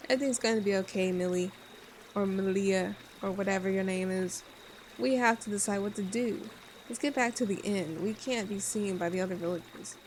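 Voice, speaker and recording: A woman voicing a calm, reassuring hero in a visual novel, firm and steady. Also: mid-range voice, a little fast, slight background noise, natural voice.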